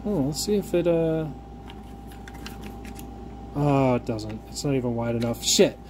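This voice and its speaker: A man's voice: mid-range voice, animated, unhurried, noisy background. A man giving a casual, profanity-laced vlog rant with rambling restarts and fillers, like someone telling a story about a frustrating purchase. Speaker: gun vlogger.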